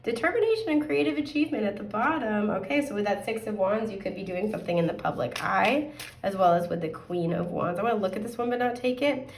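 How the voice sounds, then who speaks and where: Hoarse chatty woman reading tarot. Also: mid-range voice, expressive, quick pace, roomy sound, distant mic, slight background noise. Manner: chatty, upbeat, rambling with fillers. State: hoarse, clears throat often. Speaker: tarot card reader. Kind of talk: casual pick-a-card tarot reading.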